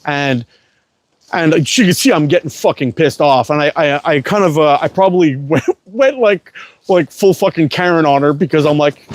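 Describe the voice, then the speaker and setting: A man's voice: fairly high pitch, brisk. A man telling a long, rambling, profanity-heavy story in a casual livestream chat. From Canada. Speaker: livestream host.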